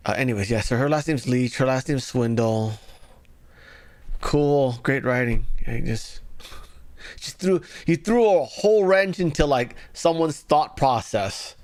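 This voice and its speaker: A man's voice: medium pitch, a little slow, darkish tone. A man hosting a livestream, giving casual, sarcastic political commentary and mocking the stories he reads. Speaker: livestream news commentary host.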